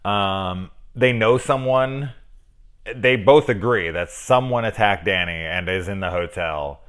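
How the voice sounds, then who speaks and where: A middle-aged man giving a casual, profane film review, animated and acting out lines as he goes. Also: lowish voice, a little slow, clear, resonant tone.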